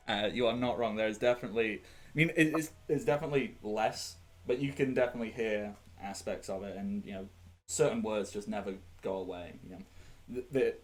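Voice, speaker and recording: A man's voice: on the low side, moderate pace, long pauses, pushed and bright, faint music behind. A man, rambling and laughing as he chats while running a tabletop game. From England (Sheffield). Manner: rambling, chatty, laughs often. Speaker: game master. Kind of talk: casual chat at a tabletop game.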